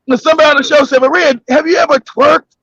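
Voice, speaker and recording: A man hosting a casual comedic talk show, telling stories loudly and laughing often. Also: very high-pitched, quick pace, gravelly, dry recording. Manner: loud, laughing, animated storytelling. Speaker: podcast host. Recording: dull dry lo-fi audio.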